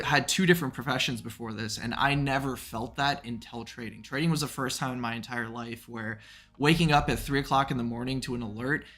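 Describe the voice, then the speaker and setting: Bright-voiced man hosting a casual stream. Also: medium pitch. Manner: loose and rambling, lots of fillers and swearing. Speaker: stream host. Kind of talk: casual chat on a live stream.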